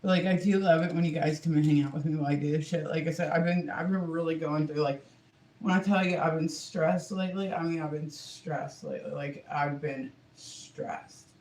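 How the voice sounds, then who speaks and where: Chatty high-voiced man livestreaming. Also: fairly even intonation, quick pace, darkish tone. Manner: chatty, rambling, frequent "like". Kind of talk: casual livestream chat. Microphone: phone.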